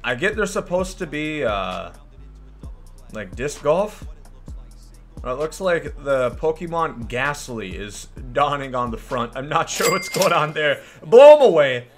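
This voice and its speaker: A man giving casual, joking commentary over his gameplay as the host of a gaming channel, rambling through sarcastic asides and shouting at big plays. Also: fairly high pitch, expressive, unhurried, faint music behind.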